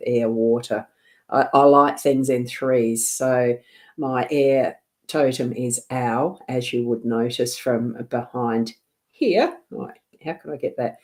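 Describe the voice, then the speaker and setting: Aussie lady doing a card reading livestream, low voice, rambly and gentle, laughs a lot. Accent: South Australian. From Australia. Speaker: psychic card reader. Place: home desk.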